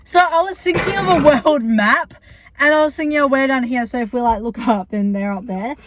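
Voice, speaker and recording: A young woman with a somewhat high voice co-hosts a casual chat. She tells long, rambling stories at her own expense. She swears casually as she goes. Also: fairly quick, background noise. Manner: rambling, self-deprecating storytelling, swears. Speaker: co-host.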